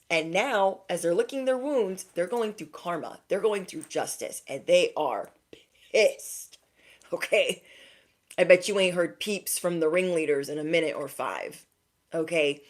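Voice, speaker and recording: A young woman giving a direct-to-camera spiritual pep talk as an intuitive reader, emphatic and slangy, often checking in with "okay?". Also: fairly low pitch.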